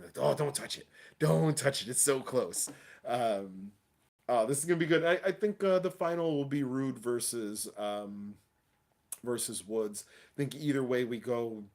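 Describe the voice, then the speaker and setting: A man chatting casually on a livestream, his voice sitting at an ordinary middle pitch. He talks excitedly in loose, slangy speech, often laughing between points. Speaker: wrestling show host.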